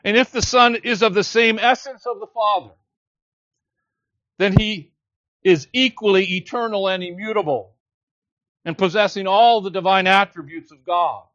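A man preaching a sermon, earnest and measured, teaching a scripture passage with emphatic quotes. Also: high-pitched, a bit bright, no room sound, muffled recording.

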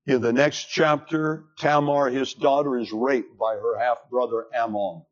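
A man preaching a sermon, retelling a scripture story in a dramatic, deliberate way. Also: mid-range voice, steady tone. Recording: dull lo-fi recording.

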